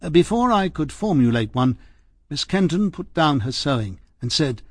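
A man narrating an audiobook in the first person, formal, measured and precise. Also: a little high, very animated, husky, no echo, studio quality.

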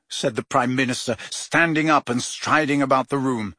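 A man narrating an audiobook in an expressive, theatrical reading. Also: mid-range voice, moderate pace, few pauses, dry recording, studio quality.

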